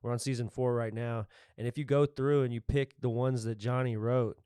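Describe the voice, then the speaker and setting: A man's voice: medium pitch, fairly even intonation, normal speed, mellow, smooth, no echo, studio quality. A man hosting a podcast, chatting casually and eagerly as a fan of the show. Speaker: podcast host. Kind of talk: casual chat.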